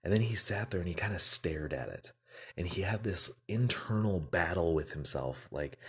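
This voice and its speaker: A man's voice: low voice, lively intonation, moderate pace, slightly rough. A man giving an earnest, motivational casual talk, rambling with fillers and repeated words.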